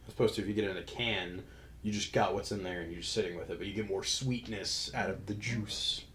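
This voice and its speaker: A man's voice: on the low side, fairly even intonation, fairly quick, a bit bright, slight background noise. A young man co-hosting a casual podcast, blunt and teasing, with frequent swearing. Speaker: podcast co-host. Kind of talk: casual chat.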